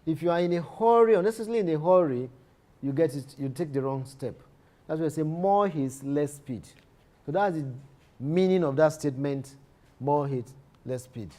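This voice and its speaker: A man's voice: fairly high pitch, normal speed, warm tone. A man teaching a literature lesson, often repeating key phrases and restarting his sentences. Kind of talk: lecture.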